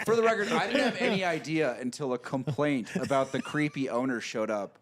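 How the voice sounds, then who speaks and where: A man's voice: a little high, lively intonation, a little fast, a crowd in the background. A man in casual podcast chat who teases and laughs as he jumps in. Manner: laughing, teasing interjections.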